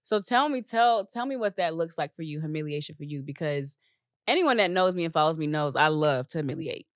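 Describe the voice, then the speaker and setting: A woman's voice: low-pitched, animated, fairly quick, dry recording, studio quality. A woman hosting a podcast in casual interview chat, blunt and playful. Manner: blunt, playful, laughs often. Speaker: podcast host.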